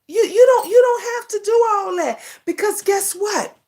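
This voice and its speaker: A woman's voice: very high voice, moderate pace. A woman hosts a casual livestream chat. She talks in a sassy, preachy way, calling her viewers honey and boo. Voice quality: lively, sing-song greetings. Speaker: livestream talk show host.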